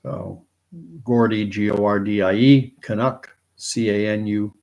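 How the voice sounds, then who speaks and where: A man's voice: on the low side, fairly even intonation, measured pace, vocal fry, darkish tone, muffled recording. A man from Canada hosting a casual live stream, chatty and joking, thinking aloud as he follows a count. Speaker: host.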